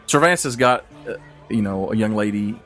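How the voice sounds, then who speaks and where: Man, game master, low-pitched, relaxed, rambling narration, faint music behind. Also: normal speed. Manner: easygoing, rambling, fond of filler phrases.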